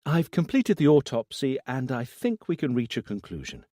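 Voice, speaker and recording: Man doing a calm, clinical woman doctor. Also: mid-range voice, moderate pace, dry recording, studio quality, pitched above the performer's own voice. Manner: neutral, clinical. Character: calm female forensic doctor, neutral and professional.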